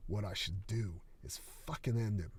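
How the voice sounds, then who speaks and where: A man reading the lines of a frightened young female boxer, who talks haltingly and stammers. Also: fairly low pitch, a little mellow, slight background noise, close to an everyday voice. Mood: bitter.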